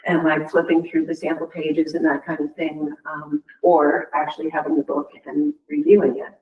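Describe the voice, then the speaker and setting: A man's voice: on the high side, monotone, normal speed, narrow, tinny audio. A man on a school committee asking probing questions in a hesitant, casual way. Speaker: committee member. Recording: echoey room, distant mic, faint background noise.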